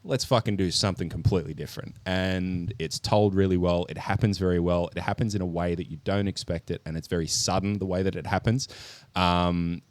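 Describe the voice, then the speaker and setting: A man co-hosting a podcast, telling a film's story in an animated, sweary way with lots of ums. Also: low voice, moderate pace, clean tone, no room sound. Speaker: podcast co-host. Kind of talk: casual podcast chat, movie review.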